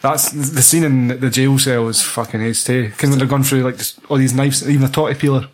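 A man's voice: mid-range voice, fairly even intonation, a little fast. A young Scottish man in casual chat about a film, enthusiastic and swearing constantly.

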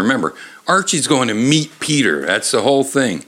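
A man's voice: medium pitch, very animated, fairly bright tone. A man of fifty reading a picture book aloud, rambling and joking, with many fillers and restarts. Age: 50s. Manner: joking, halting, lots of fillers. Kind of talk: rambling read-aloud with commentary.

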